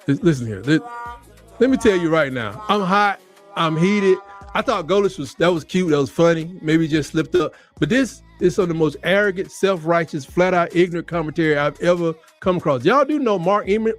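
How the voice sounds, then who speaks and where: High-voiced fired-up man ranting. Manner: fired-up, mocking, repeats himself for emphasis. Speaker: sports commentator. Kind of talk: heated sports rant.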